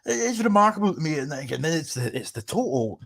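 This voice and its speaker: A man's voice: fairly high pitch, big pitch swings, quick pace, a bit bright, slightly rough. A Scottish man hosting a casual chat, rambling and sweary, with heated remarks.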